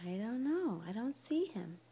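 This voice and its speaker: A woman's voice: fairly high pitch, very animated, normal speed, mellow, slight background noise. A young woman talking to her one-year-old in coaxing, sing-song baby talk. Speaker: mother.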